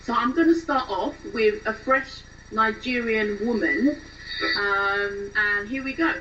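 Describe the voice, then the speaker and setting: A woman's voice: a little high, takes it slowly, bright, forceful tone, far from the mic, lo-fi sound, a little hiss or hum. A woman actress casually introducing her accent demos, hesitating with many ums.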